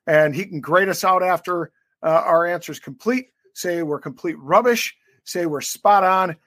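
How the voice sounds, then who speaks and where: A man with a high, slightly bright voice speaks at a normal pace, captured in a dry, studio-quality recording. He co-hosts a rugby podcast, bantering casually in an interview setting and rambling with plenty of fillers.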